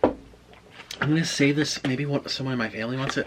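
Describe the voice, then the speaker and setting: A man's voice: medium pitch, moderate pace, background noise. A man vlogging, telling a chatty story in a casual way between bites of food. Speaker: mukbang vlogger. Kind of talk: casual storytelling while eating.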